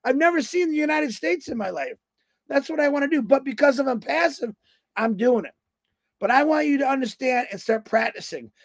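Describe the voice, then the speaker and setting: A man's voice: very high voice, expressive, fairly quick, no room sound. A man in his fifties giving a rambling, folksy motivational talk on a livestream, telling road-trip stories. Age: 50s. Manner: folksy, storytelling, acts out quoted voices. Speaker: motivational speaker on a company livestream.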